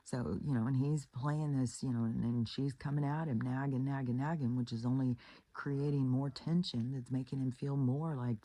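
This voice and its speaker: A woman's voice: very deep voice, fairly even intonation, moderate pace, dark tone. A woman giving relationship advice in a casual monologue, blunt and profane, retelling stories with acted-out quotes.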